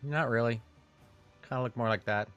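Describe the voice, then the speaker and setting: A man running a tabletop game as game master, halting, with many fillers and restarts. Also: mid-range voice, a bit bright, dull audio, soft background music.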